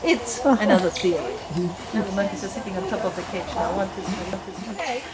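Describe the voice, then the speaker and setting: A woman, the founder of a wildlife sanctuary, explaining animals to a tour group in a lively, explanatory way. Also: mid-range voice, brisk. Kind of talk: outdoor guided tour talk. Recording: crowd chatter and animals behind.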